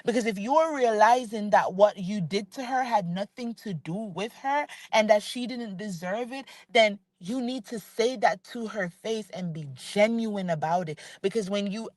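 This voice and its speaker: On a vlog, a woman with a fairly high voice rants as a reality TV commentator, directing her criticism straight at the person involved and repeating points for emphasis. The sound has no echo.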